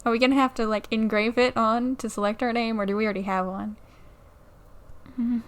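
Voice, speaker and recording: A woman's voice: on the high side, steady tone, brisk, smooth. A young woman casually commenting on a game at home into a new mic, playfully reading the dialogue aloud and joking about it. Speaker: let's play creator. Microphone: new desktop mic.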